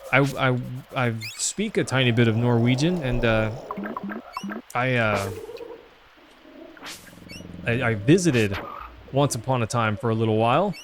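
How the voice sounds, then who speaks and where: A man's voice: mid-range voice, animated, measured pace, pauses often, over music. A man with a Southern US accent streaming a retro game, chatting casually and rambling to his chat with many fillers. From Southern United States. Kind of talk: casual live-stream chat while gaming.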